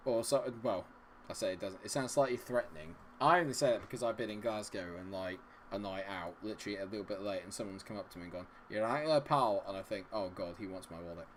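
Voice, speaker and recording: A young adult man hosting a live gameplay stream, chatting with viewers and cheering loudly at the game. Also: on the low side, a little hiss or hum. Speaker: gaming livestream host. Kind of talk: live gameplay commentary and chat reading.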